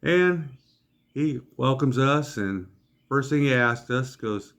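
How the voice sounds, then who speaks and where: A man's voice: medium pitch, lively intonation, takes it slowly, a bit bright. Folksy man telling a story. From Iowa. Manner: folksy, wry, acts out voices of others. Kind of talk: comedic anecdote storytelling.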